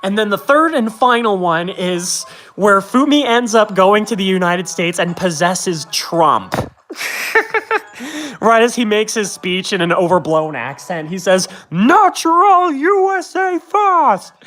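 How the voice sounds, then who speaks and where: A woman's voice: medium pitch, lively intonation, a little slow, a bit bright. A young woman streamer chatting casually about a show, rambling and correcting herself, with frequent giggles. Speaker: game streamer. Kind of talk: casual game commentary.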